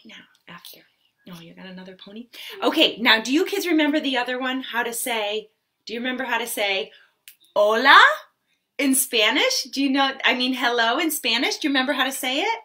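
A woman's voice: high-pitched, brisk, bright, forceful tone. A woman hosting a live-stream story time for preschoolers, with a sing-song, exaggerated way of talking to small children. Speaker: children's entertainer host.

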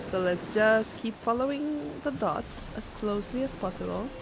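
A woman's voice: a little high, animated, normal speed, gravelly, background noise. A woman streaming a game, chatting with viewers and squealing when enemies attack. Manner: chatty, giggly, reading chat aloud; bursts into squeals and shouts at enemies. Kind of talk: casual gameplay commentary. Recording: music playing behind.

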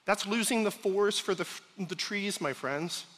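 Man, pastor, sermon, high bright voice, joking asides, long echoing hall. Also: moderate pace. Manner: conversational, joking asides to the congregation. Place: large church sanctuary. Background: congregation laughing at times.

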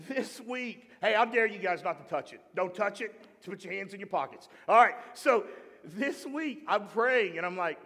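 A man pastor with a fairly high voice delivers a lively, humorous sermon. He keeps calling on the congregation to respond. The sound carries a long reverb from a large church hall. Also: a little fast. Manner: humorous, animated preaching with call-and-response to the congregation. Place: church sanctuary.

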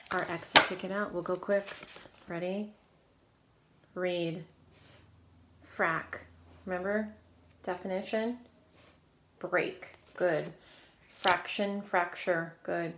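A woman's voice: lowish voice, roomy sound, background noise. A woman teacher leading a recorded phonics lesson, giving patient, encouraging, step-by-step prompts.

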